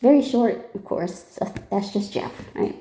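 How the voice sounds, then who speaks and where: A young adult woman telling a casual story, animated and slangy, often laughing and quoting people. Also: mid-range voice, unhurried, reverberant. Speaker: tarot reader telling a story.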